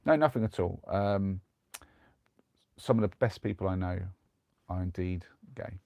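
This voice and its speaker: A young man with a lowish voice spins a long, rambling anecdote on a live stream, restarting his sentences as he goes. The sound is close and dry, with no room around it. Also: measured pace, vocal fry, a little mellow, no echo. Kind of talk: casual chat and storytelling. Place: converted van.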